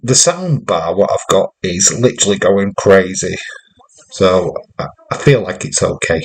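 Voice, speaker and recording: A man's voice: deep voice, animated, measured pace, creaky, poor audio. A man giving rambling, jokey running commentary while hosting a live wrestling watch-along stream.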